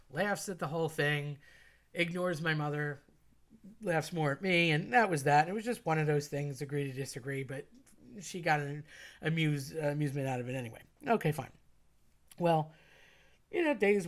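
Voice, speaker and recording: A woman telling a personal story in a chatty, rambling way with many fillers. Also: deep voice. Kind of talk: casual spoken storytelling.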